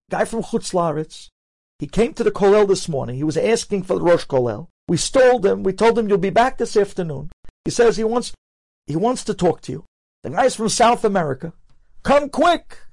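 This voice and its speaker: A man telling a story with lively energy, acting out the characters' lines with sudden jumps in his voice. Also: on the high side, creaky. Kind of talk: animated storytelling.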